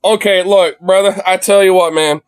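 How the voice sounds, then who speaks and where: A man livestreaming his reactions from a phone, excitable and profane, laughing often. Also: sits high, normal speed, smooth. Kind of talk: live reaction stream.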